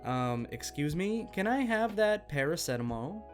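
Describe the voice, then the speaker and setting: A man's voice: fairly high pitch, big pitch swings, a little slow, soft background music. A man voicing a rude, entitled mother in a read-out story, demanding and dismissive.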